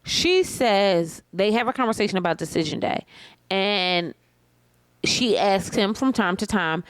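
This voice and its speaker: Animated woman co-host, dry close sound. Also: mid-range voice, unhurried, smooth, no room sound. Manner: animated, explains with examples and asides. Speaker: co-host of a reality TV review show. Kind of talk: casual chat.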